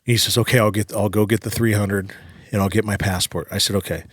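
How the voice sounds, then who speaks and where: A man's voice: on the low side, flat delivery, a little fast, breathy edge, no room sound. A man guest on a podcast, telling a long story in a casual, profane way with lots of "like" fillers. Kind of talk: animated storytelling in casual conversation.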